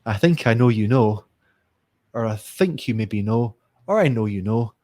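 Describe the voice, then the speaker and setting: A middle-aged man runs a live online lesson. He sounds lively and keeps asking questions. He calls on viewers by name as he goes. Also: fairly low pitch, moderate pace. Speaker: teacher trainer. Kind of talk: live online teaching session.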